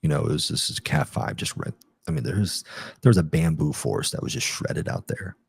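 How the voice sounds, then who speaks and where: A man's voice: rumbling low, lively intonation, brisk, creaky, breathy edge, dry recording, studio quality. A middle-aged man, a retired army captain, telling his story in a casual interview, rambling with many fillers and restarts.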